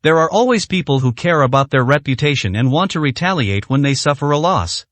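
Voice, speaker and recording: A man reading a story aloud in a steady, even scripted narration. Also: a little high, brisk, no echo.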